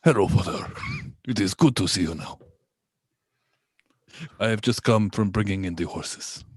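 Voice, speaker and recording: A man's voice: fairly low pitch, measured pace, slightly rough, dry recording, pitched below the performer's own voice. An earnest, melodramatic son with a put-on Spanish accent, as a man plays him at the gaming table. His declarations come heartfelt and overblown, in a dry, close recording.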